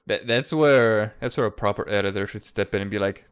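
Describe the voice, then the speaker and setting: Man, low smooth voice, casual chat, laid-back, swears a lot. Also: a little fast. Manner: laid-back, swears freely, laughs often. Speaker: comics creator in a live chat. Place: lives outside the United States.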